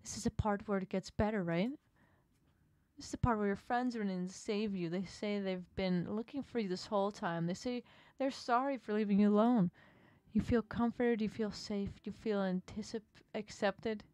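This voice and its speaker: A cruel, mocking sea monster from a video game gloats over its prey, as a woman reads its lines aloud. The voice sits at an ordinary middle pitch, slow and taunting, and the sound is close and dry with no room around it. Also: darkish tone, dry recording, lightly acted. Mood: gloating. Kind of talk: reading a game's dialogue aloud.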